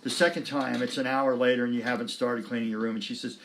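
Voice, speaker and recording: A man teaching music, talking students through sheet music in a relaxed, encouraging way and singing phrases on syllables. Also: mid-range voice, quick pace, few pauses, slight background noise.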